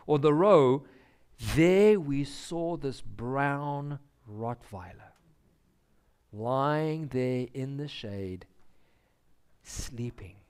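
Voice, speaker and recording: In a church sanctuary, a man with a high-pitched, clear, resonant voice gives a children's story to the congregation. He tells it animatedly, voicing the characters as he goes.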